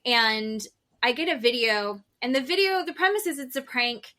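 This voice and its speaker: A woman in her thirties co-hosting a podcast, telling a home story in animated casual chat and laughing as she goes. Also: sits high, moderate pace. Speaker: podcast co-host.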